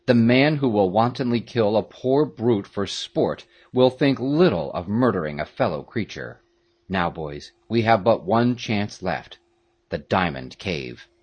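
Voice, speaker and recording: Calm grave young leader read by a man, storybook, measured, slightly husky. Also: fairly low pitch, highs cut off.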